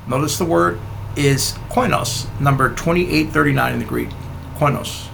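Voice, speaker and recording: A man's voice: a little high, animated, normal speed, gravelly, a bit bright, slight background noise. A man giving rebuttal commentary on a Bible teaching video, argumentative and scoffing, often talking straight at the other teacher.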